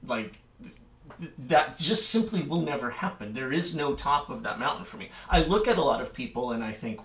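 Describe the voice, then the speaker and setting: A man who teaches cello, talking casually with a colleague in a lively, restarting way, often acting out quoted voices. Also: on the high side, fairly quick, echoey room, rough recording. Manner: animated, many restarts and fillers, acts out quoted voices. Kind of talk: casual chat between colleagues.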